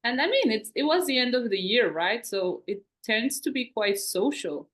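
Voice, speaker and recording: A woman's voice: a little high, lively intonation, normal speed, fairly bright tone. A woman co-hosting a podcast, talking in a reflective, rambling way with many fillers. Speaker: podcast co-host. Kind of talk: casual conversational podcast chat.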